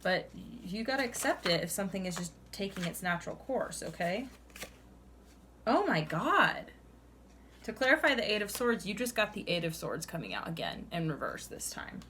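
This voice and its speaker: A woman's voice: lowish voice, a bit bright, slight background noise. Chatty young woman reading tarot. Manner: chatty, many "like"s, laughs often, addresses listener as "honey". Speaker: tarot reader.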